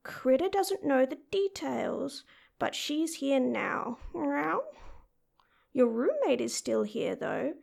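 This is a playful female cat living in a young woman's body, speaking to the listener in an audio role-play, as a woman puts her on. She takes her time over every word and calls herself by name rather than "I". Her high voice is full of gravelly fry and breaks into frequent meows. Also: big pitch swings, slow, darkish tone, heavily acted. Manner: refers to herself in third person, meows often.

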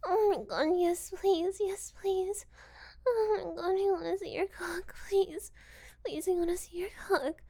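A young woman performing an intimate audio role-play as a gullible, eager, easily flustered young woman who giggles, stammers and slips into breathy whispers. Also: very high-pitched, measured pace, darkish tone.

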